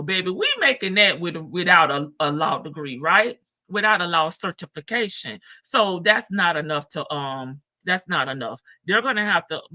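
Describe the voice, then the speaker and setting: A slow-talking woman hosts a casual livestream, chatting in slang, laughing easily and calling out to viewers by name. Her voice sits a little high and sounds bright and sharp. The stream audio is dry and dull, a bit lo-fi. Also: no room sound. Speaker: livestream host. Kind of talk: casual livestream chat reading viewer comments.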